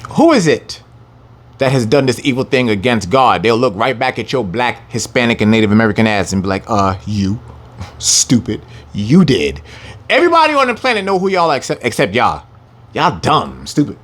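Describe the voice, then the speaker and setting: A man teaching a scripture lesson, reading the verses slowly with heavy emphasis and taunting his listeners in brash, profane language. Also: mid-range voice, big pitch swings, fairly bright tone.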